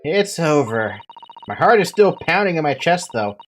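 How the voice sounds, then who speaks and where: A woman voicing a polite, earnest young female legal assistant, speaking formally and gently. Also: low voice, sing-song, moderate pace, faint music behind.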